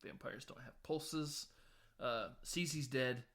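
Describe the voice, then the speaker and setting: Guy on a movie podcast, mid pitch, retelling scenes and doing little character voices. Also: slow pace, fairly bright tone. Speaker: podcast host. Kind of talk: casual film podcast recap.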